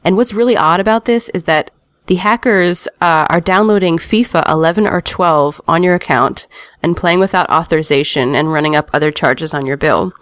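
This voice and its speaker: A woman's voice: lowish voice, normal speed, dry recording. Chatty woman podcast host, dry close sound. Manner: chatty, laughs often, reads news with wry asides. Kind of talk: casual podcast chat and news reading.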